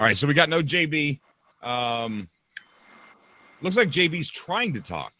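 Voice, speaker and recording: A man hosting a casual live podcast, excitable and quick to raise his voice. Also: fairly high pitch. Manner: excitable, animated, quick to shout. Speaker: podcast host. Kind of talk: casual livestream chat.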